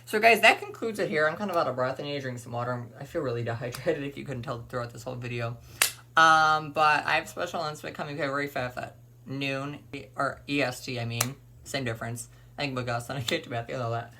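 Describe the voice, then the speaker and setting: A man's voice: mid-range voice, quick pace, background noise. A young man ranting to the camera in a vlog, emphatic and opinionated, repeating his points. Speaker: vlogger.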